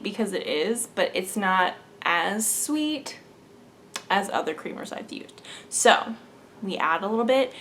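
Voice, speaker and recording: A woman's voice: on the high side, slight background noise. A young adult woman hosting a knitting podcast, chatting casually and bubbly, laughing often. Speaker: podcast host. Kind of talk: casual chat.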